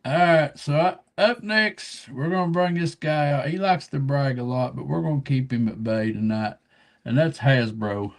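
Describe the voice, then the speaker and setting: A man's voice: mid-range voice, moderate pace. A man from Kentucky hosting a casual livestream, introducing guests one by one with folksy jokes. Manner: folksy, joking. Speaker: livestream host.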